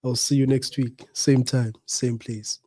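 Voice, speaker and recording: A man's voice: medium pitch, flat delivery, a little slow, warm tone, a little hiss or hum. A South African man hosting a radio show, who has the flu and coughs, speaking in an earnest, preachy way and repeating his points. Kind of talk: reflective talk-show monologue.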